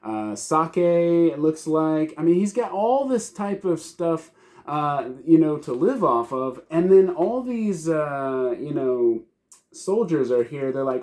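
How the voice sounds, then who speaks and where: Male manga reviewer, mellow, casual and rambling, lots of fillers. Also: fairly high pitch, sing-song, slow. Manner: rambling, many fillers and restarts. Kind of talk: casual commentary.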